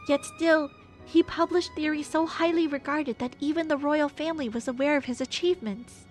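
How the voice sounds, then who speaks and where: A woman voicing a grave, dignified young queen, speaking in a measured, formal way as live game voice acting. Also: high voice, natural voice.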